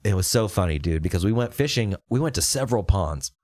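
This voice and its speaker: A young man spins a laid-back story for his friends, swearing freely as he goes. His pitch rises and falls a lot, and his voice sounds dry and close. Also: expressive, quick pace, a little mellow, no room sound. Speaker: podcast co-host. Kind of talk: casual chat.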